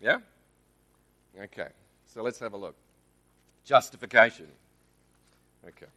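Australian male lay preacher, conversational church talk, bright voice. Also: fairly low pitch, unhurried. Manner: conversational, checks in with the audience.

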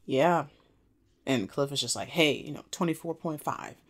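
A woman's voice: sits low, normal speed, slightly rough. Laid-back slangy woman recapping a show. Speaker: podcast co-host. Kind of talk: casual recap chat.

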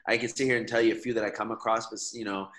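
A man's voice: fairly low pitch, steady tone, very fast, fairly bright tone. A man from Michigan, a guest on a podcast, talking in an earnest, persuasive way with frequent restarts. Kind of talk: casual conversational interview.

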